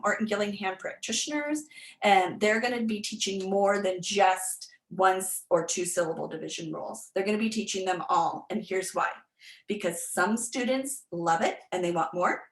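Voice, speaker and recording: A woman literacy tutor giving an online workshop presentation, explaining step by step with frequent ums and restarts. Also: mid-range voice. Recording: echoey room.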